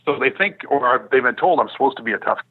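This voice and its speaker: A middle-aged man telling a lively hockey story on a podcast, laughing and acting out what people said. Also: medium pitch, fast, slightly rough, phone-quality sound. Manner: animated, laughing, acting out quotes. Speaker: guest storyteller, former hockey player.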